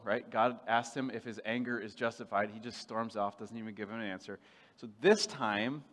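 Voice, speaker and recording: A man preaching a sermon in a playful, animated way, swinging from loud bursts to hushed asides. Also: fairly low pitch, in a large hall.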